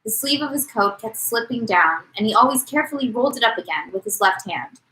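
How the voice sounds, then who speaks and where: A woman's voice: a little high, animated, a little fast, bright, forceful tone, poor audio. A woman co-hosting a podcast, reading a novel aloud and acting out the quotes. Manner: reads with dramatic voices for quotes. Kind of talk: casual read-aloud podcast.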